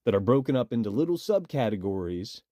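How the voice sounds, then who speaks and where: A man's voice: mid-range voice, sing-song, fast talker, dark tone, dry recording, studio quality. A man ranting in a rambling, cursing monologue with a toothbrush in his mouth. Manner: rambling, cursing, frustrated rant. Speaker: vlogger. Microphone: phone.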